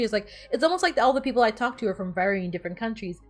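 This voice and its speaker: A woman's voice: medium pitch, very fast, hardly any pauses, faint music behind. A woman streamer chatting casually while playing, rambling and bossing her game characters around. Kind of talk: casual gameplay chat.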